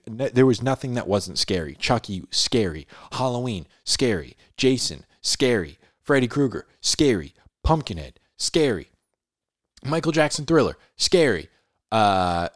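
A man, a podcast host, casually telling a story in a laid-back way, dropping "dude" and "like" often and building drama with pauses. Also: lowish voice, no room sound, clean studio sound. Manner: animated, dramatic retelling with pauses.

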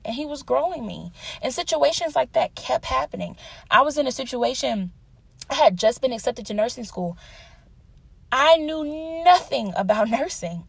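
A woman's voice: a little high, lively intonation, normal speed, creaky, breathy edge, no room sound. A young woman giving an earnest, conversational devotional teaching, telling personal stories and laughing at herself now and then. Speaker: Bible teacher.

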